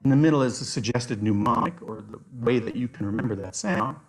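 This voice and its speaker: A man presenting an online workshop on nature activities, enthusiastic and given to animated storytelling. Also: mid-range voice, a little fast, a crowd in the background. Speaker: outdoor educator, workshop presenter.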